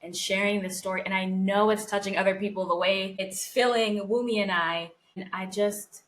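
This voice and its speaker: A woman's voice: medium pitch, fairly even intonation, normal speed, rough recording. A woman co-hosting a podcast, speaking in a heartfelt, reflective way and touching on her faith. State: close to tears. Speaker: podcast co-host. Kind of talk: casual podcast conversation.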